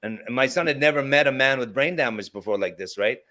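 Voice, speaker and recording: A man's voice: mid-range voice, fast talker. A middle-aged man speaks as a health coach in a mid-range voice. He tells stories with energy, playing out what people said, in easy conversational talk. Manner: animated storyteller, acts out dialogue. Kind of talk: conversational storytelling.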